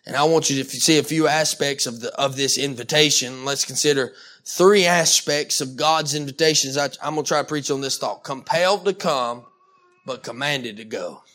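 A man preaching a sermon, animated and emphatic, with frequent restarts and calls of amen. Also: medium pitch, moderate pace. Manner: animated, with many restarts and Southern-style "y'all".

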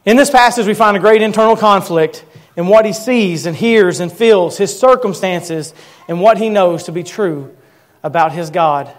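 Earnest male preacher, higher-pitched voice. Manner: earnest storytelling, slowing for emphasis. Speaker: pastor. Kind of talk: sermon.

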